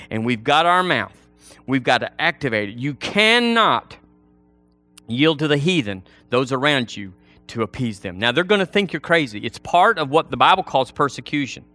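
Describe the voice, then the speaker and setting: A man preaching a sermon, folksy and animated, slipping into playful voices for the people he mimics. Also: medium pitch, moderate pace, faint music behind.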